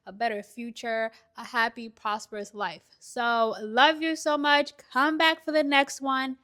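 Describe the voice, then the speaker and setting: Young woman, slightly high voice, chatty and emphatic advice vlogger, indoors at home. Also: little pitch movement, measured pace, pushed and bright. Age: young adult. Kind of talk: casual advice chat while doing a puzzle.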